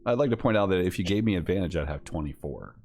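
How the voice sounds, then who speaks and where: A man's voice: sits low, expressive, fast, darkish tone, a little hiss or hum. A man playing a tabletop game, joking and bantering in character. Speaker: player.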